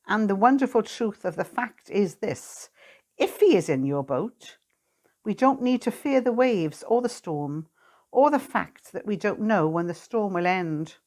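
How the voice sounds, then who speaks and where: Woman, church sermon reflection, gentle, earnest, pastoral, mid-pitched voice. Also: animated, a little slow. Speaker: lay preacher.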